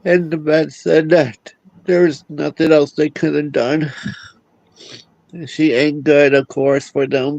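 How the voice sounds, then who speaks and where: A grieving man talking haltingly on a livestream call, often repeating his words as he goes. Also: mid-range voice, creaky, darkish tone, dry recording, lo-fi sound. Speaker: livestream guest. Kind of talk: casual video call chat.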